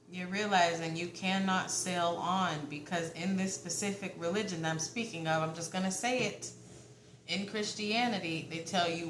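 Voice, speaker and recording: Chatty low-voiced woman reading tarot. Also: fairly even intonation, moderate pace, fairly bright tone, reverberant, slight background noise, poor audio. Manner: chatty, often checks in with viewers; prone to giggling. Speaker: tarot card reader. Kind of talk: casual tarot reading addressed to viewers.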